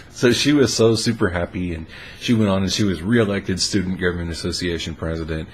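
Laid-back low-voiced male storyteller. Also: a little fast, a little hiss or hum. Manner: laid-back and amused, lots of "uh" fillers. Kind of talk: casual personal storytelling.

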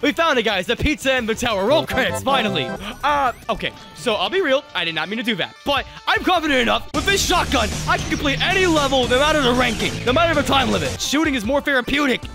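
A man commentating a video game as he plays, jokey and excitable, yelping and laughing at the scares. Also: very high voice, fast, creaky, over music. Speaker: gaming YouTuber. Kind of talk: let's play commentary.

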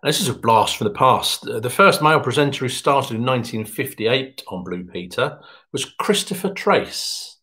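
A man's voice: lively intonation, moderate pace, bright, forceful tone. A man hosting an online pub quiz, reading answers in a chatty, jokey way. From England. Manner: chatty, jokey, pitch jumps up when announcing. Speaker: quiz host.

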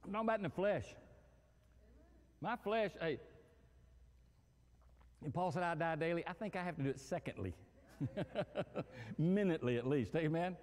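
A male pastor preaching a sermon in an animated, humorous way, acting out everyday scenes. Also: a little high, moderate pace, pauses often, big-room sound. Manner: animated, acts out quarrels and phone calls with humor.

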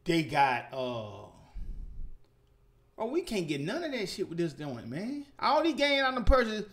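A young man, ranting loudly and profanely in a casual gaming vlog. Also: sits high, unhurried. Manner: animated, profane ranting with sudden loud outbursts. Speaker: gaming vlogger.

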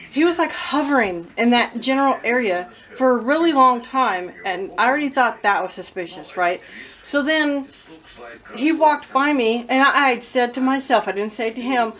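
A woman filming herself at home, telling a story-time vlog in a chatty, animated, blunt way. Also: fairly high pitch, moderate pace. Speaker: vlogger. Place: at home with her cats. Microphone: own phone or camera, self-filmed.

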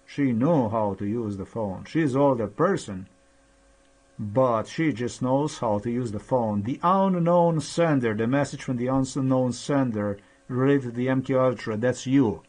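A man in a rambling personal monologue, halting with many pauses and fillers, sounding aggrieved and accusatory. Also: medium pitch, darkish tone. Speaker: vlogger.

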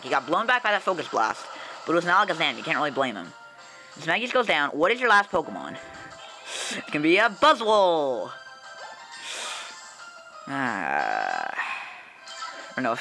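A young man hosting a casual let's play, commenting on his game in an excitable, joking, profane way. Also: fairly high pitch.

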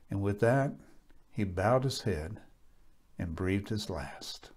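A man reading scripture aloud at a church service, in a measured and solemn way. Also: on the low side, expressive, a little mellow.

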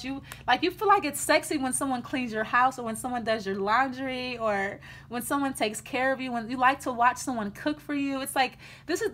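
A woman's voice: high-pitched, a bit bright, slight background noise. A woman giving a casual tarot reading in a blunt, chatty way, often restarting her sentences. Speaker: tarot reader.

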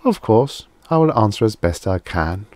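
A man playing a lisping soft-spoken alien envoy. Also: lowish voice, very animated, no room sound. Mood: calm polite. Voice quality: soft lisp. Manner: formal, measured.

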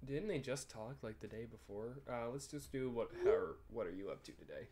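His mid-range voice is expressive and mellow, moving at a moderate pace. As a gaming YouTuber doing casual let's play commentary on a texting game, the young man rambles, jokes, swears often and laughs a lot.

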